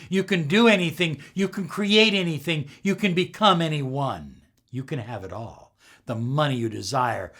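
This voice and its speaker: A male life coach gives a motivational talk to his viewers with a fairly high voice that swoops up and down a lot. He speaks emphatically and acts out the voices of the people he quotes. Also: fairly bright tone.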